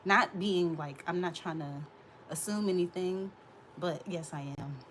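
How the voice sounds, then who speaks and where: A woman's voice: fairly low pitch, measured pace, a bit bright, a little hiss or hum. A woman in her thirties hosting a casual livestream, sassy and laughing, talking back to her chat from a hot room. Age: 30s. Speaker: livestream host.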